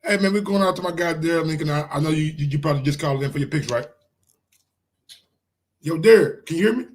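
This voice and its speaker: A man's voice: a little high, fast. A man with a New York accent hosting a casual live-stream sports show, ranting and firing rhetorical questions at his viewers. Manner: animated, ranting, asks the chat rhetorical questions.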